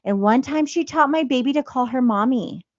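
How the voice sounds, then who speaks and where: A woman in her thirties tells her story in a relaxed, heartfelt podcast chat, leaning on fillers as she goes. Her voice sits a little high. The recording is dry and a bit muffled. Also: normal speed, no echo. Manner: emotional, confessional, many fillers like "you know". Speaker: podcast co-host.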